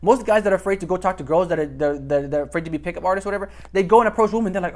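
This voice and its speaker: A man's voice: sits high, rapid-fire, few pauses. A young man giving casual dating advice to camera, rambling and repeating himself as he acts out bits of dialogue.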